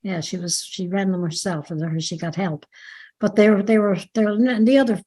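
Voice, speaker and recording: A woman's voice: mid-range voice, steady tone, moderate pace, mellow. An older woman with a Dublin Irish accent, chatting as an interview guest about her past and often correcting herself mid-sentence. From Ireland. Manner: chatty, meandering, self-correcting. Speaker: interview guest, dance teacher. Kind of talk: reminiscing interview.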